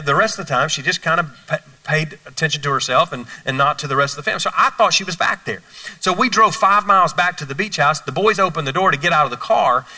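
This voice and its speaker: Pastor on stage, animated storyteller, slightly high voice with a sharp, bright edge, heard from afar. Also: male voice, distant mic, rough recording. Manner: storytelling, lively, playful. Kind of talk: sermon. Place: church stage.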